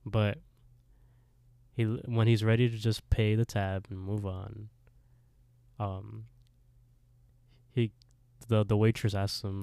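A man's voice: on the low side, creaky, smooth, no room sound. A man co-hosting a podcast, casually retelling a TV episode with lots of swearing and laughter. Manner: animated storyteller, swears, laughs often. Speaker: podcast co-host.

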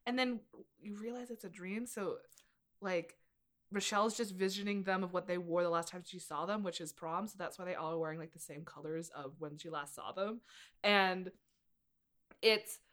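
A woman's voice: lowish voice, normal speed, a bit bright. A woman talking casually about a film, rambling and full of fillers. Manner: rambling, filler-heavy retelling. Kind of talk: casual movie discussion.

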